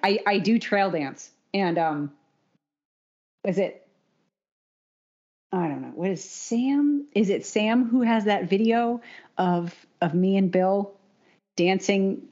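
A woman co-hosting a casual podcast as a running coach, talking in an animated, opinionated way and laughing often. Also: mid-range voice, takes it slowly, long pauses. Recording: dull lo-fi podcast audio.

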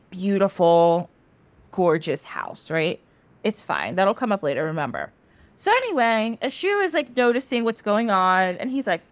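A woman podcast host retells a myth in a loose, casual way and swears freely. Her pitch is very lively, and the recording is dry and close. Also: no echo.

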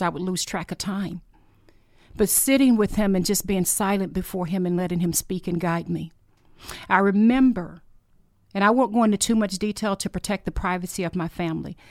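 A woman's voice: medium pitch, no echo, studio quality. Emotional woman sharing faith testimony. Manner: emotional, earnest, heartfelt storytelling. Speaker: podcast host. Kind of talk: faith-based personal testimony podcast.

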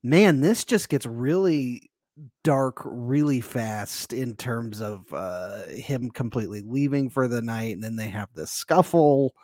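A man co-hosting a casual podcast chat, easygoing and quick to laugh. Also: mid-range voice, a little mellow, no echo, clean studio sound. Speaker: podcast co-host. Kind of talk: casual chat recapping a reality show.

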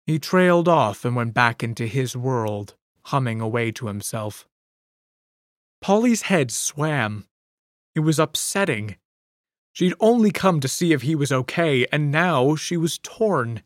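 A narrator reading a story aloud in a measured, reflective manner. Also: mid-range voice, expressive, dry recording, studio quality. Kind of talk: scripted audiobook narration.

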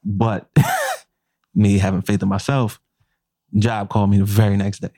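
A man's voice: on the low side, a little slow, no room sound, clean studio sound. A man, a chef and podcast co-host, telling a profane workplace story in casual talk and acting out the quotes. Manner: animated, profane, acts out quotes.

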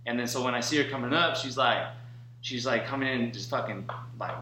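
Casual, cussing male podcast co-host; mid pitch; echoey room with a faint hum. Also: brisk, sharp tone. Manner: profane, rambling storyteller. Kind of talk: casual chat.

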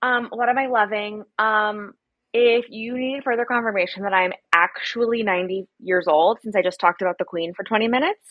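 A young woman from America, a podcast guest, telling stories in casual chat and acting out quotes in animated voices. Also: mid-range voice, normal speed, no room sound, dull audio. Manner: chatty storyteller, acts out quotes in animated voices.

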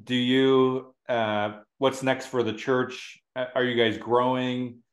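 A man's voice: mid-range voice, level tone, slow pace. A man hosting an interview, asking easygoing, curious questions. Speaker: interview host. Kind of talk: casual interview. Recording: roomy echo.

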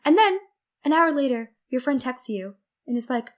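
A woman's voice: high voice, expressive, normal speed. A woman hosting a self-development podcast, talking earnestly in a reflective monologue and acting out the worried inner voice in her examples. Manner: earnest, acts out inner-voice quotes. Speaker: podcast host.

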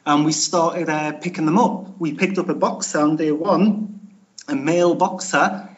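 A man's voice: fairly high pitch, fairly even intonation, a little slow, lo-fi sound. A man from Newcastle with a Geordie accent, chatting casually as an interview guest and laughing at himself. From Newcastle, England. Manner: chatty, self-deprecating, laughs often.

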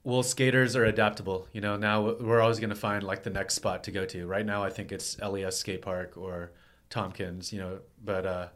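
A man's voice: lowish voice, level tone, fairly quick, a bit bright. A man, a skateboarder being interviewed, telling loose, rambling stories in casual chat with lots of filler words. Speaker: skateboarder guest.

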